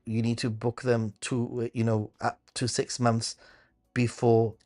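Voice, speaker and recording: A man's voice: medium pitch, slow pace. Man musing through live viewer questions. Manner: relaxed, thinking aloud, with many hesitant fillers and restarts. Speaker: host of a travel channel.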